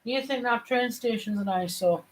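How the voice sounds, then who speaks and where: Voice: medium pitch, normal speed, low-quality recording. A vlogger from Sunderland with a northeast English accent, chatting casually and telling stories full of restarts. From Sunderland, northeast England. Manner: rambling storyteller, many restarts. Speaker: family channel vlogger. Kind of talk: casual chat.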